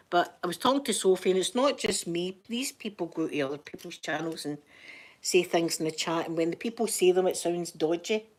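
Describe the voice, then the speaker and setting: A Scottish woman chatting softly for a live ASMR stream, easy and rambling, slipping now and then into whispers, close to the microphone. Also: fairly low pitch. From Scotland. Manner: soft-spoken, chatty, drifting into whispers. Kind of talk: soft-spoken ASMR chat.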